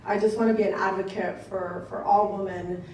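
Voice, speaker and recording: A young woman giving an excited, conversational testimonial speech to an audience at a business event and talking to them directly. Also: mid-range voice, brisk, a little hiss or hum. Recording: echoey room picked up from a distance.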